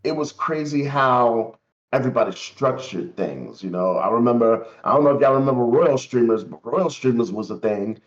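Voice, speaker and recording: A man in a casual roundtable chat, reflecting at a measured pace on his time as a streamer. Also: medium pitch, expressive. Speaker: streamer guest. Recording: dull lo-fi mic.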